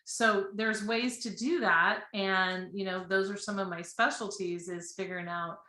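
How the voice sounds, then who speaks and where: A woman's voice: mid-range voice, fairly even intonation, unhurried, sharp tone. A woman guest talking earnestly and chattily about her work as a financial advisor, laughing readily on a remote live-stream call. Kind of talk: casual interview. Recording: echoey room.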